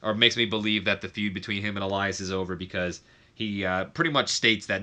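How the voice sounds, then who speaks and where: A young man gives casual game commentary in a fairly low, bright and forceful voice. He rambles in a friendly way, drops plenty of fillers and corrects himself mid-sentence. Now and then he slips into quick mock voices of the people he talks about. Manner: chatty, frequent fillers and self-corrections.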